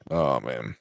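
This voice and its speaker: A man in his thirties, co-hosting a casual chat show, telling lively stories, swearing casually and laughing often. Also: extremely low pitch, creaky, no echo, clean studio sound. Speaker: co-host.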